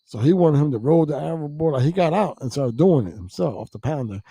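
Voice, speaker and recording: A man telling a profane, animated story as a guest in casual chat, acting out quotes, on a close mic. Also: fairly high pitch, fast, creaky, husky, no echo.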